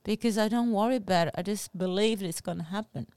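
A woman co-hosting a podcast, telling stories in an animated, earnest way with simple phrasing. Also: mid-range voice, fast, clear, resonant tone, dry recording. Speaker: podcast co-host. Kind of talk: casual chat, storytelling.

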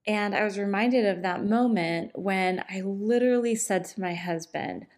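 A middle-aged woman hosting a podcast, talking off the cuff in a relaxed, chatty way, with many fillers, into a microphone. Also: medium pitch, moderate pace. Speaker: podcast host and divorce coach.

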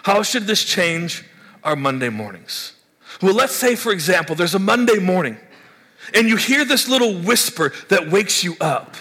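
A pastor preaching a sermon in an animated way, acting out people's complaints in higher voices. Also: male voice, normal speed, breathy edge. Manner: animated, mimics congregants in high excited voices.

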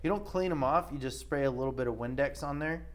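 A man's voice: mid-range voice, fast. A man co-hosting a podcast, telling rambling, profane stories in casual chat. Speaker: podcast co-host.

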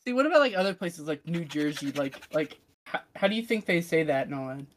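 A woman in a playful casual chat with friends, animated and full of "like". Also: low voice, a little fast, crowd noise.

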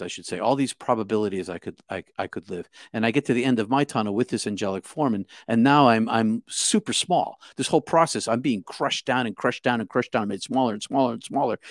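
A man recounts his experience in a halting, stop-start way, often repeating his first words before going on. His voice sits at an ordinary pitch. The sound is dry and close, with little room in it. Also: no echo. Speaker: guest telling his story. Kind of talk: casual spoken storytelling.

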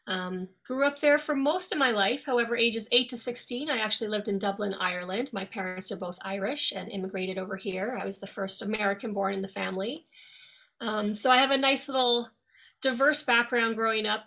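A middle-aged woman from New York with no regional accent, a lawyer speaking as a guest in an interview in an articulate, friendly, measured way. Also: medium pitch, fairly bright tone. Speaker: guest, attorney. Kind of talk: interview conversation.

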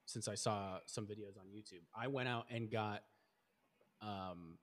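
A man's voice: lowish voice, measured pace, a bit bright. A man in his thirties hosting a casual podcast chat, swearing freely and laughing often. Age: 30s. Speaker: podcast host.

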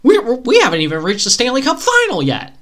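Man, podcast co-host, rambling solo chat, excitable, breaks into pleading outbursts. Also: extremely high pitch, fairly quick. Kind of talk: casual solo sports chat.

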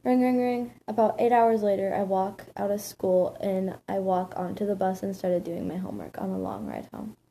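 Woman reading a story aloud, mellow. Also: mid-range voice, steady tone, moderate pace, gravelly, hardly any pauses, slight background noise, rough recording. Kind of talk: first-person story narration.

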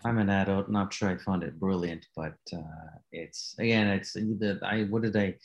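Male podcast co-host, low gravelly voice, wry asides. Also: fairly even intonation, normal speed. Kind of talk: casual movie review chat.

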